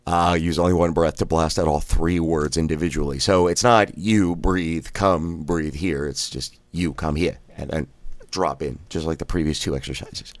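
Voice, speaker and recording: A man guiding follow-along voice exercises, counting out reps and cracking relaxed jokes between drills. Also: very deep voice, moderate pace, few pauses, no room sound. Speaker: voice exercise guide.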